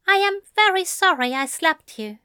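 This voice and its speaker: A fussy, courteous male angel, as a woman reading aloud puts him on, soft-spoken and exact. The voice sits noticeably higher and a touch louder than her narration. It is recorded dry and close. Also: lively intonation, moderate pace, no room sound, full character voice. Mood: gentle, coaxing. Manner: polite and precise, murmuring.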